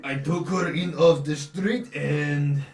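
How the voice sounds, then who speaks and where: A man voicing a sad older man who speaks slow broken English and mourns a lost foster daughter. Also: on the high side, fairly even intonation, a little mellow, pitched above the performer's own voice. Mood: mournful. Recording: roomy, distant mic.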